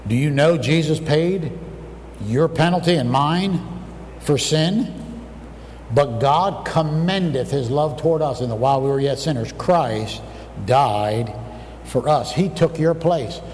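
A man preaching a fervent sermon, telling a story and breaking into shouts at its high points. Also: takes it slowly. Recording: distant mic, long hall reverb, faint room noise.

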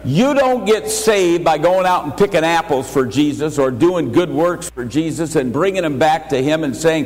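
An older man preaches a sermon with emphatic, drawn-out lines that rise in pitch for the key points. His voice sits a little high for a man. A long hall reverb trails every phrase. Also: animated, a little mellow. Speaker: pastor.

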